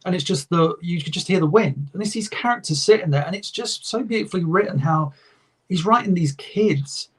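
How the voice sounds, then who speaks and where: A man's voice: high-pitched, a little fast, husky. A man co-hosting a podcast, talking with enthusiasm in a rambling way and swearing often. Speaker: podcast co-host. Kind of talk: casual chat.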